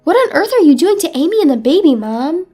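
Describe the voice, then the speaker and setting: A woman's voice: sits high, big pitch swings, a little fast, a little mellow. A woman voicing a firm, indignant young woman lawyer confronting her mother. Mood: stern. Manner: stern, indignant.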